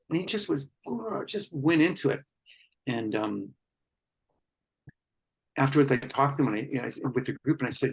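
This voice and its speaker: A man speaking at a workshop on men and conflict, earnest and reflective, with pauses and fillers. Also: mid-range voice, gravelly, slightly rough, rough recording.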